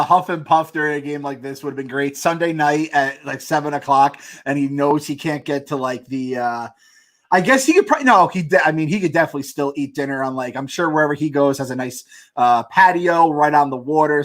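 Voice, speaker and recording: A man's voice: a little high, a little fast, a bit bright. A man hosting a casual sports podcast, ranting and swearing in heated frustration. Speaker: podcast host.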